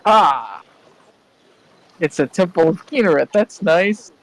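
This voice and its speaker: A man's voice: fairly high pitch, expressive, slow pace, low-quality recording. A man playing in a tabletop game, chatty and a bit hesitant. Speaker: player. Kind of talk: tabletop role-play chat.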